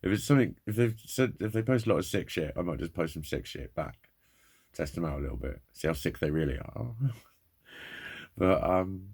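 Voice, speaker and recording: Low creaky man, ranting. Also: lively intonation, moderate pace, darkish tone. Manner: rambling, heavily swearing, frustrated. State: in pain. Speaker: vlogger. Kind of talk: candid personal monologue.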